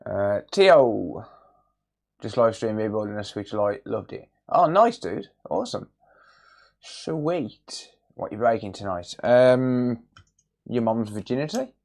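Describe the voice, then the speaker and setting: A man hosting a casual repair livestream, greeting viewers by name in a relaxed, jokey way from a cluttered home workshop. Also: lowish voice, unhurried, vocal fry. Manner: relaxed, jokey, reads chat names aloud.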